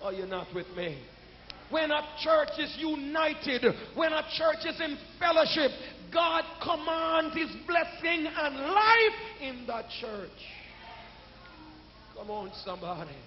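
A man preaching a sermon as pastor, calling out to the congregation and building to shouts. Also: very high voice, expressive, takes it slowly. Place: church sanctuary. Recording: echoey church hall, dull sound.

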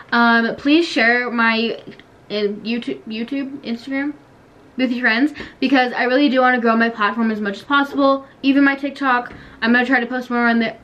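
A woman's voice: fairly high pitch, fairly bright tone, dull audio. Chatty teen girl gaming vlogger. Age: teens. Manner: chatty, giggly, quick to complain. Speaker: YouTuber. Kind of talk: casual gaming vlog chat.

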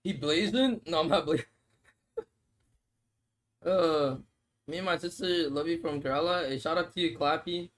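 A man's voice: a little high, moderate pace, long pauses. A young man streaming a mobile game, joking and swearing in casual chat while he answers comments and eats noodles. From Australia. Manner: laid-back, joking, swears, laughs often; talks while eating noodles.

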